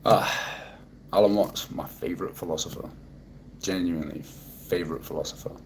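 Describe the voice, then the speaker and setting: This is a man from Manchester with a low, deep voice, talking loosely to his livestream viewers. He reacts to comments in a laid-back, dry and sarcastic way and swears casually as he goes. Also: fairly quick, vocal fry, slight background noise. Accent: Mancunian. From Manchester, England. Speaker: livestreamer reading chat. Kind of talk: casual live-stream chat.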